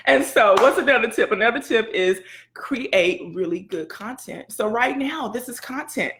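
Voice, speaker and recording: Gravelly-voiced woman preaching motivation. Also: fairly high pitch, normal speed, background noise. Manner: lively, preachy, folksy and motivational. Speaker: blogger and educator. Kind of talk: casual live video chat.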